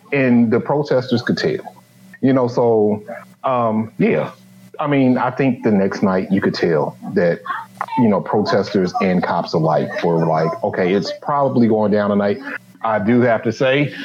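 A man's voice: mid-range voice, darkish tone, a little hiss or hum. Earnest man, slightly muffled sound. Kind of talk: casual chat.

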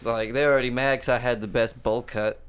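A man's voice: medium pitch, steady tone, fairly quick, noisy background. A man co-hosting a podcast, rambling through crude, joking stories in casual banter. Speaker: podcast co-host.

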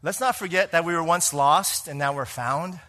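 A man, a pastor, preaching a sermon, moving between hushed lines and emphatic ones and asking the congregation questions. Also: a little high, moderate pace.

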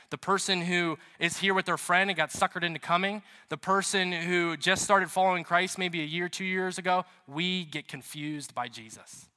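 Preaching in a reverberant church hall, a male pastor tells stories in a chatty way and hammers points through emphatic repetition. His voice is high-pitched, bright, and pushed.

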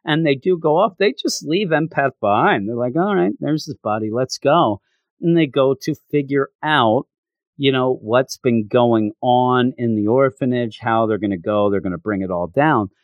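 A man's voice: mid-range voice, normal speed, no echo, narrow, tinny audio. A man giving a casual, rambling recap of a comic book as a reviewer. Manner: rambling, animated.

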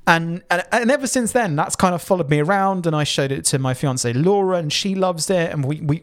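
A man's voice: a little high, a little fast, few pauses. A man, co-hosting a podcast, chatting casually and rambling with fillers and restarts. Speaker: podcast co-host. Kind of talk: casual podcast review chat.

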